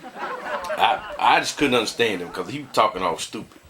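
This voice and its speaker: A man's voice: on the low side, animated, normal speed, noisy background. A married man vlogging, ranting bluntly to his viewers and laughing often as he complains. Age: adult, married. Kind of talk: casual ranting commentary.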